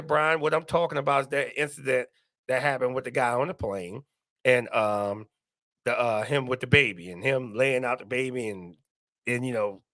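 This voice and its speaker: A man's voice: fairly high pitch, fairly bright tone, no echo, clean studio sound. A man hosting a casual live stream, talking to viewers and reading their comments aloud, repeating himself often. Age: adult, parent.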